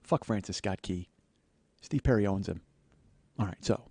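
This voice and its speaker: A man in his forties hosting a comedy podcast, telling a story in an animated way, swearing and laughing at himself. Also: fairly low pitch, moderate pace, breathy edge, no room sound. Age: 40s.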